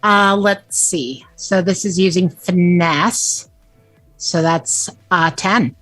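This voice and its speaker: Player: woman, lowish voice, casual and chatty, dry close sound. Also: slow pace, a bit bright, dry recording, faint music behind. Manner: chatty, laughs, swears. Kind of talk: casual tabletop chat.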